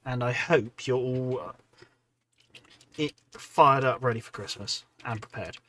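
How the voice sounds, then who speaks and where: Male streamer, tired, chatty, rambling casual talk, mid-range pitch. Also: a little slow, sharp tone. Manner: rambling, chatty, many ums and restarts, reading out chat. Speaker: hobby livestream host. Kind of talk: casual livestream chat while painting miniatures.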